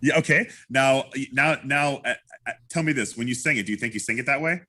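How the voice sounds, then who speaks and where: A man teaching an online singing masterclass, coaching a student with lots of restarts and sung examples. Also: fast talker. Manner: animated, demonstrates lines by singing them high; many restarts and repeated words. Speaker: opera singer teaching a masterclass. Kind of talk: vocal coaching.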